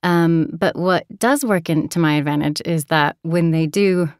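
A low-pitched woman from Alaska speaks with an American accent that has drifted toward transatlantic. Her voice is smooth and clear, and she is recorded dry and close. She talks in a chatty, storytelling way. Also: measured pace, no room sound. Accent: American with a transatlantic tinge. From Alaska, USA. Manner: chatty, laughs often, storytelling. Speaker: audiobook narrator guest. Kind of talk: interview conversation.

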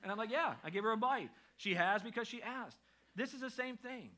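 A middle-aged man preaching a sermon as pastor in a church, in a conversational style that rises in intensity. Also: high voice. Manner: conversational preaching with a lively rising delivery. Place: church sanctuary.

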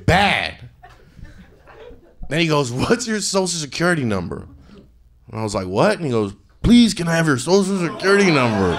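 A male stand-up comedian improvising a story on a club stage into a handheld mic, jumping between loud acted-out quotes and quiet mumbled asides. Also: mid-range voice.

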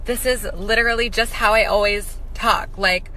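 A woman's voice: mid-range voice, fairly even intonation, normal speed, bright, forceful tone, slight background noise, low-quality recording. A young woman talking casually to the camera, chatty and full of filler words. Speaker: TikTok creator.

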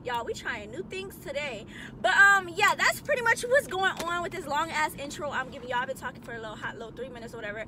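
A woman's voice: high-pitched, expressive, quick pace, hardly any pauses, background noise. Chatty young woman vlogging from a car. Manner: chatty, upbeat, slangy. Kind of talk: casual chat to camera. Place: in a car, driving.

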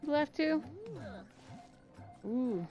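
A young woman talks through her gameplay with a fairly high, very lively voice. She swings between muttering and frustrated yelling, swearing often. Faint game music plays under her. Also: drawn-out words. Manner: frustrated, swearing, pitch jumping into yells. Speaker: gaming video creator. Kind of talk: gameplay commentary.

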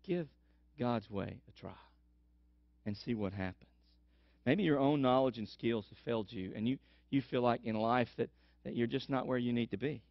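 Animated storytelling pastor, man. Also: medium pitch, moderate pace, vocal fry, dry recording. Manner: animated storytelling, emphatic repetition. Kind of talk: sermon. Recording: dull lo-fi sermon recording.

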